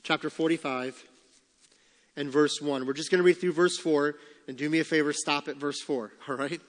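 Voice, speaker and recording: A male pastor preaching a sermon, reading scripture aloud and acting out the quotes with lively emphasis. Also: fairly high pitch, normal speed, big-room sound.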